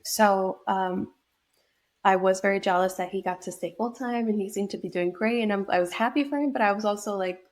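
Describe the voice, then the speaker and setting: A woman's voice: medium pitch, a little fast. A young woman from New York state, a podcast guest telling a personal story in a reflective way, with many fillers and restarts. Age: young adult.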